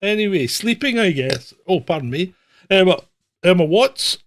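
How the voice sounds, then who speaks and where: Teasing host, fairly high voice. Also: male voice, lively intonation, moderate pace. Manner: teasing, laughs often. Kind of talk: comedic livestream chat. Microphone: webcam livestream.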